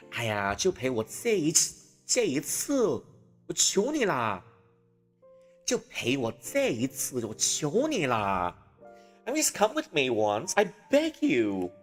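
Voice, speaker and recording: A man's voice: a little high, huge pitch swings, slow pace, long pauses, big-room sound, faint music behind, exaggerated voice. A man voicing an eager, clingy young man with a golden retriever temperament, whining and pleading for company. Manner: whiny, wheedling pleading.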